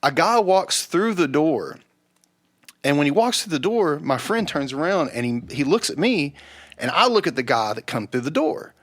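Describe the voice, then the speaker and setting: A young man telling a rowdy story on a podcast, swearing freely and loudly acting out the people he quotes. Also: on the high side, big pitch swings, moderate pace. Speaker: podcast guest. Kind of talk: casual storytelling.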